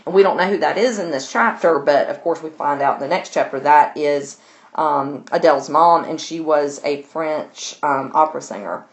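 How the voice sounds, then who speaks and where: A woman's voice: deep voice, moderate pace. A woman teaching a literature class, summarizing a novel in a casual, chatty way with plenty of fillers. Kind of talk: recorded lesson summarizing a novel.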